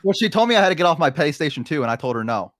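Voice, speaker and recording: A man from the Southern United States, chatting casually on a stream and telling lively stories with acted-out voices and bursts of laughter. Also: fairly high pitch, rapid-fire, heavy background noise. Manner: animated storyteller, bursts into laughter, acts out voices. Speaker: streamer guest. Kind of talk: casual chat.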